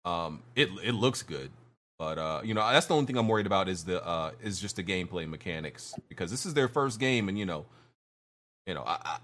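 A man's voice: lowish voice, a bit bright. A man co-hosting a casual gaming podcast, talking in a laid-back way with lots of fillers. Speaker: podcast co-host.

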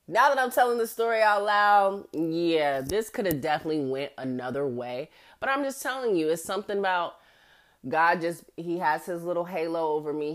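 A woman, hosting a podcast and telling a personal story in a casual, profane, animated way, acting out the voices of the people in it. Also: mid-range voice. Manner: animated, acts out quotes, profane slang, laughs often. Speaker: podcast host.

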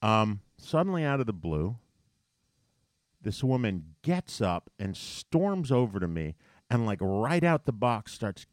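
A man telling a story in a casual chat, animated and profane, getting heated as he goes. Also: fairly low pitch, a little slow, no echo, studio quality. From New York.

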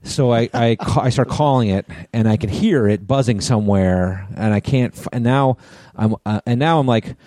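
A man's voice: medium pitch, moderate pace, hardly any pauses, warm tone, no room sound. Middle-aged guy from the east coast, swears a ton telling stories, dry mic. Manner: rambling storyteller, swears a lot. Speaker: podcast co-host. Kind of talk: casual chat.

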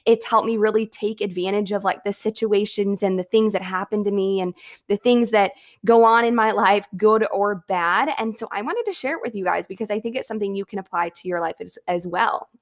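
Young woman, vlogger, upbeat, chatty, casual motivational talk, mid-pitched voice. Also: brisk. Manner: upbeat, chatty, lots of "like" and "okay".

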